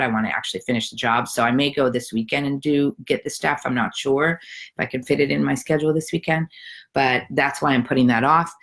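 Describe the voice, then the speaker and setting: Woman, very low voice, middle-aged, chatty, encouraging, rambling, casual live video from home. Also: a bit bright. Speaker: challenge host.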